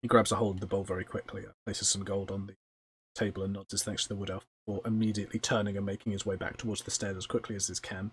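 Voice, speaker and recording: Man, game master, tabletop narration, low voice, fills pauses with ums, faint background hiss. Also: flat delivery. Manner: descriptive, with frequent ums and uhs.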